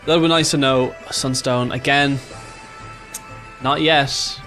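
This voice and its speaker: Excitable Irish man commentating gameplay. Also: mid-range voice, slow pace, faint music behind. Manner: excitable, swears freely, thinks aloud. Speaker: gaming YouTuber.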